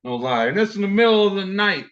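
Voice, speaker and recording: Male open mic storyteller, profane and vivid, bright voice, lo-fi call audio. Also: high-pitched, animated, quick pace.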